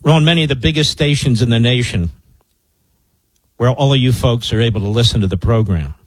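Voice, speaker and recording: A man's voice: medium pitch, brisk, no room sound, rough recording. A man hosting a talk radio show, telling a story in an emphatic, boastful manner.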